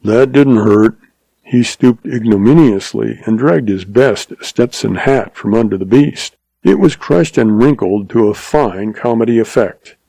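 Guy narrating a story, mellow warm tone, dry close sound. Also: on the low side, creaky, dry recording, low-quality recording. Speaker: audiobook narrator. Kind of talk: scripted narration.

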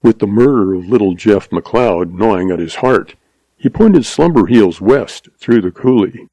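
A man giving steady, measured scripted narration of a western audiobook. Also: on the low side, no room sound.

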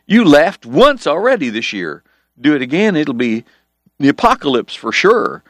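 Loud, high, joshing; a man playing a young brother ribbing his sibling, dry close sound. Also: big pitch swings, normal speed, no room sound. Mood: mock-pleading. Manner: mocking, exclaiming.

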